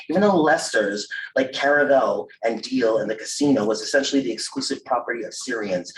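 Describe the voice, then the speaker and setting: A man reads his own memoir prose to an audience in a measured, wry manner, now and then slipping into self-amused asides. He sits some way back from the mic. The room carries a roomy echo and a faint background hum. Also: medium pitch. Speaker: author reading his memoir. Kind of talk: live literary reading of memoir prose. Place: reading event room. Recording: roomy, distant mic at a live reading.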